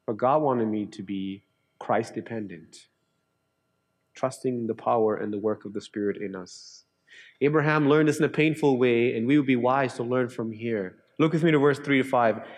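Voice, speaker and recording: This is a middle-aged male pastor from Canada giving an earnest sermon. At times he lifts into lively storytelling; at others he sinks into quiet, low emphasis.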